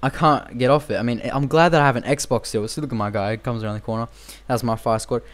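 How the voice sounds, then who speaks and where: A young man talks over his gameplay in a loose, rambling way, circling back and repeating himself, with "you know" and "like" all through it. His voice sits at a middling pitch for a man. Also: steady tone, quick pace. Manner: rambling and repetitive, with frequent fillers. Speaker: gameplay commentator. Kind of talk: casual game commentary.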